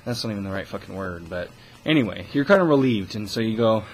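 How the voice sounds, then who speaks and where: A man's voice: fairly low pitch, lively intonation, quick pace, slight background noise, rough recording. A young man talking into the camera in a casual vlog, ranting with scorn and constant swearing. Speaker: vlogger.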